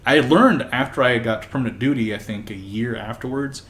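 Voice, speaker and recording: A man's voice: medium pitch, brisk, fairly bright tone. A young man on a podcast, telling army stories in a laid-back, rambling and crude way. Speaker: podcast guest. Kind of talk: casual storytelling chat. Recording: echoey room, faint background noise.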